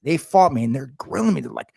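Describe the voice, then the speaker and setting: A man telling a story as a podcast guest, loud, slangy and full of swearing. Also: mid-range voice, animated, fast, creaky, slightly rough, no echo, clean studio sound. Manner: loud, heavily profane, fired-up storytelling; slangy, calls listeners bro and dude. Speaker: podcast guest, realty company head. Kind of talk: casual storytelling chat.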